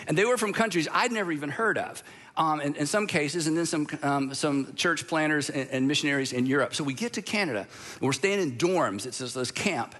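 A man's voice: fairly high pitch, fairly quick, a bit bright. An American man, middle-aged, preaching a sermon in a conversational storytelling way with humorous asides. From United States. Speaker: pastor.

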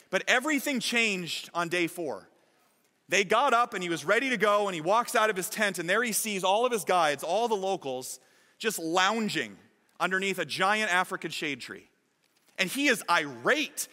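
A man pastor preaching a sermon with animated storytelling in a church. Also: high voice, normal speed, big-room sound. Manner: animated storytelling, shifting from lively to hushed.

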